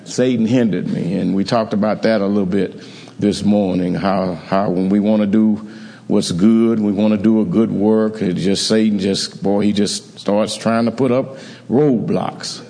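A man's voice: lowish voice, fairly even intonation, measured pace, vocal fry, warm tone. A man preaching an evening sermon in a church, talking conversationally and often repeating words. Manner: conversational, repeats words, call-and-response amens. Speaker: pastor. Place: church sanctuary. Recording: reverberant church hall.

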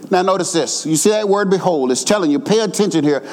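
A high-pitched man preaches a sermon, his voice ringing out with a long reverb as if in a big hall. He jumps between fast conversational asides and shouted, almost sung lines, often repeating words for weight. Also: expressive.

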